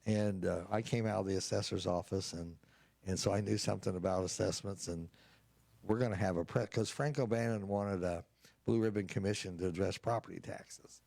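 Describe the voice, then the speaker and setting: An older man with a low, gravelly voice tells folksy stories as an interview guest, acting out each side of the conversations he recalls. The sound is close and dry, with no room around it. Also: brisk, darkish tone, no echo. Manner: folksy anecdotes acting out quoted dialogue. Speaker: state representative, guest. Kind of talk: storytelling interview answer.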